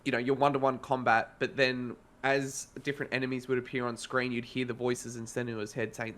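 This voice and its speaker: A man's voice: mid-range voice, little pitch movement, a little fast, hardly any pauses, fairly bright tone. Rambling Australian man on a podcast. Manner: rambling, self-correcting, conversational. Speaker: podcast co-host reviewing a game. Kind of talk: casual podcast chat.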